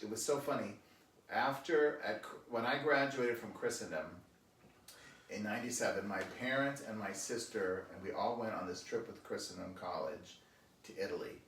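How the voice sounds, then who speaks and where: A man's voice: fairly low pitch, normal speed, recorded from a distance, a little hiss or hum. A man in his forties, a priest hosting a casual chat, reading viewer comments and telling funny stories with lots of laughter. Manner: animated storyteller, laughs often, mimics accents. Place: roomy indoor room, rectory. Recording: echoey room, voice off-mic.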